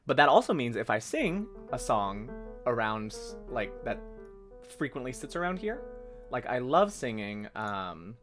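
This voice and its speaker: Young man, casual stream chat, mid-pitched voice, rambling and self-correcting, faint music behind. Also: very animated, unhurried, fairly bright tone. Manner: rambling, self-correcting, breaks into sung notes. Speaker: livestream host. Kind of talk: casual livestream chat about songwriting.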